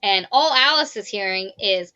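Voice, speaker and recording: A woman co-hosting a podcast, retelling a novel's plot in casual, animated chat, swearing and quoting characters. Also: mid-range voice, normal speed, no echo, dull audio. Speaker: podcast co-host. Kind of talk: casual book review chat.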